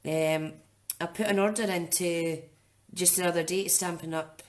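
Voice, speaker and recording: Demonstrating how to make a card, this woman chats casually and muses aloud during a live-streamed craft session. Her voice is on the low side, with fairly even intonation and a moderate pace.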